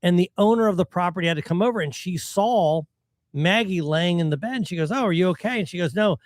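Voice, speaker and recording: A man's voice: sits high, fast, no room sound. A man co-hosting a podcast in casual chat, telling a funny anecdote and laughing often. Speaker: podcast co-host.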